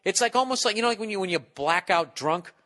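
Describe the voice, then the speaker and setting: Fast, forceful, and bright, the high-sitting, expressive voice of a forties-aged podcast host rattles through a profane, self-mocking comic ramble full of exaggerated impressions. He speaks into a windscreened studio podcast mic, and the audio sounds like a large hall.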